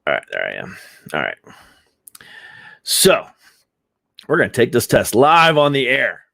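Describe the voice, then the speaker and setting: A man's voice: mid-range voice, huge pitch swings, unhurried, vocal fry, sharp tone, dry recording, studio quality. A man hosting a live stream, giving sarcastic, rambling commentary with laughs.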